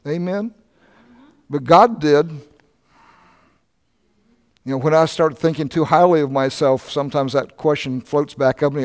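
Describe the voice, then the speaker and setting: An older man preaching a sermon, telling stories in a conversational, animated way. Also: on the high side, a little slow, long pauses, in a large hall. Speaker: pastor.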